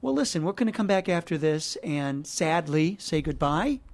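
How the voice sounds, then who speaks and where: A man's voice: fairly high pitch, expressive, moderate pace. A middle-aged man co-hosting a radio show in a studio, bantering in an easygoing, friendly way. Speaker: radio host. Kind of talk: casual on-air chat.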